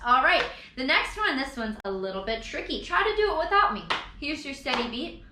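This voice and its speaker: A woman music teacher giving a recorded lesson to children, slowly counting beats and chanting rhythm words. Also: sits high, very animated. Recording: echoey room with background noise.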